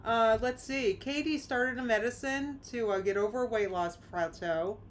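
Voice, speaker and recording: A woman's voice: a little high, moderate pace, slight background noise. A woman hosting a live react stream, chatting casually, exclaiming and reading out viewer comments. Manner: animated, exclaiming, reads chat aloud.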